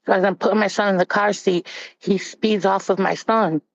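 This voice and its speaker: A woman's voice: medium pitch, steady tone, normal speed, no room sound. A woman giving a candid, blunt personal testimony as a panel guest. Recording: dull, dry recording.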